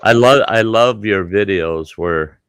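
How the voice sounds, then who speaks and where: A man with a very deep, low voice speaks in a casual group conversation, recorded dry and close with no room echo. He talks earnestly, stumbles over his starts and repeats words as he gets going. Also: takes it slowly, fairly bright tone, clean tone. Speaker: host. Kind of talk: casual chat.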